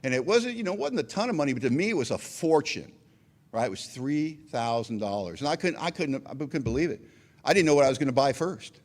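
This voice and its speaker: A man's voice: medium pitch, big pitch swings, fast talker. A middle-aged American man telling his recovery story at a meeting, earnest and self-deprecating, with acted quotes. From United States.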